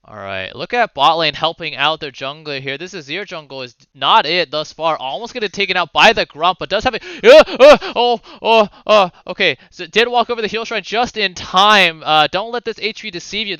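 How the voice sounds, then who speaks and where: A man giving casual play-by-play commentary on a video game match, with quick calls and the odd swear. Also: high-pitched, bright, forceful tone, smooth, no echo, highs cut off. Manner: fast play-by-play with swearing and asides. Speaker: esports caster.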